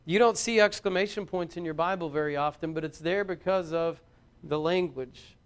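Male pastor, sermon, fervent, smooth resonant voice, slightly high. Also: normal speed. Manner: preaching, builds to loud fervent intensity. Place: church.

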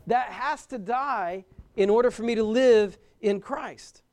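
A man's voice: very high voice, unhurried, darkish tone. A young man preaching a sermon as a pastor, emphatic, repeating key phrases and questioning his listeners.

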